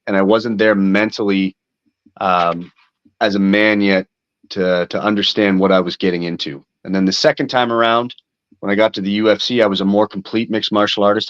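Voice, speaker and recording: A man in his thirties talks candidly in a low voice, rambling through his answers with plenty of fillers and curses. The recording sounds dull and lo-fi, with a dry, close feel. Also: a bit bright, dry recording. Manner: candid, rambling storytelling with frequent swearing and fillers. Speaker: MMA fighter, interview guest. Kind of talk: casual interview talk.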